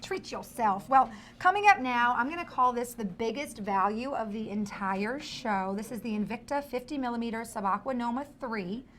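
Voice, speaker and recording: A woman's voice: a little high, moderate pace, hardly any pauses, a bit bright, a little hiss or hum. A woman hosting a live home shopping show, selling with a bubbly, playful patter. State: winded. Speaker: shopping channel host. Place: television studio.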